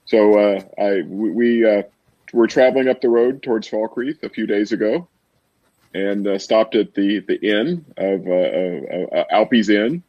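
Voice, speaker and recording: A man playing a tabletop game, speaking in character with halting, stammering speech. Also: on the low side, lo-fi sound. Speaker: player. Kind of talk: in-character role-play.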